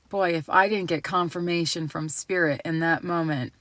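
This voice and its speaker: A woman casually telling a personal story to camera, animated and laughing, acting out the voices of the people in it. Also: lowish voice, moderate pace, few pauses, no echo.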